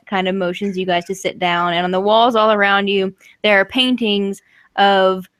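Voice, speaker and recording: A woman's voice: medium pitch, a bit bright, dry recording. A woman running a tabletop role-playing game as game master, narrating the scene in a chatty way and laughing often.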